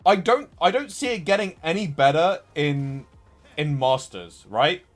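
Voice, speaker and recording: A man's voice: a little high, lively intonation, measured pace, soft background music. A young man streaming a card game live, talking through a loss with frustration and repeating himself. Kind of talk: live gameplay commentary.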